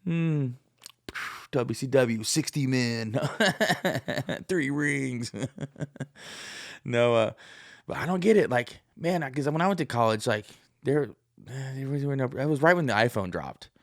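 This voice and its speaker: A man's voice: animated, slow pace, long pauses, dry recording, clean studio sound. A man in his thirties, a podcast host, in a rambling, profane, jokey monologue. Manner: profane, jokey, puts on high voices to act out stories.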